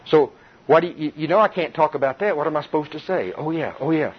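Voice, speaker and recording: A middle-aged man preaching to a Bible study group in a lively, conversational way, with chuckles and repetition. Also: on the high side, fast talker, slight background noise. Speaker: pastor. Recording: dull muffled recording.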